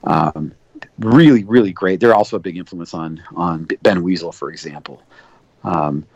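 Male guest, low-ish voice, rambling storyteller who mimics quoted lines; dull dry podcast audio. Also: moderate pace, gravelly, darkish tone, dry recording. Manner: rambling, many fillers, acts out quoted dialogue. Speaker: guest, record producer. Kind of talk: casual interview storytelling.

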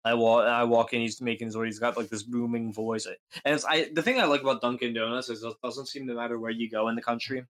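A man's voice: mid-range voice, fairly even intonation, fast, hardly any pauses, fairly bright tone. A young man co-hosting a podcast, rambling through a comic story with lots of fillers. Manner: rambling, filler-heavy, puts on voices in anecdotes. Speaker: podcast co-host. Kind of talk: casual comedic storytelling.

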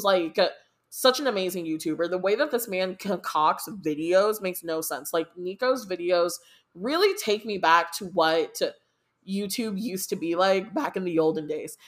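Rambling, excitable young American woman. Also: medium pitch. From United States. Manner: rambling, excitable, heavy swearing and fillers. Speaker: podcast host. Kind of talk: casual chat.

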